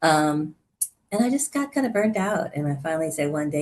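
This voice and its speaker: Older lady, low voice, chatty therapist telling her story, laughs a lot. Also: brisk. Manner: animated storytelling, laughs often. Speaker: therapist and coach, guest. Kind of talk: casual conversational interview.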